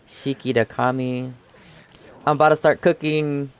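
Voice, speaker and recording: A man's voice: mid-range voice, fairly even intonation, moderate pace, smooth. Chatty young man rambling over gameplay. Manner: rambling, chatty, lots of fillers and restarts. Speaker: gaming YouTuber. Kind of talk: casual gameplay commentary.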